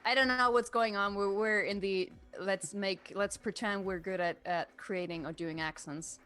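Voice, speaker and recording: A woman's voice: medium pitch, steady tone, moderate pace, a bit bright. A German woman speaking English with a German accent, a tabletop game player chatting in a giggly, self-conscious way with many restarts. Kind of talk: casual chat on a live stream.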